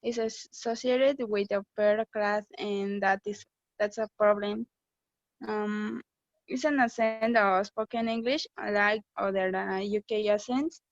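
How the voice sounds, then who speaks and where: A young woman student presents in a slow, halting read, pausing on hesitations. Her voice sits mid-range and comes through a dull, dry lo-fi recording. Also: mid-range voice, steady tone, dry recording. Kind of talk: class presentation.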